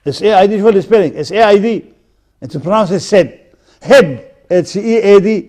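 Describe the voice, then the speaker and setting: A man lecturing at a university, deliberately drilling example words one by one. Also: high voice, animated, darkish tone. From Sudan.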